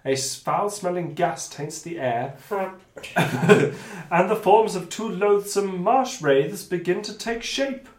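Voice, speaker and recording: Running a tabletop adventure as game master, a man reads the scenes aloud in a high-pitched, animated, slow voice, then breaks off for sweary asides. The room sounds echoey.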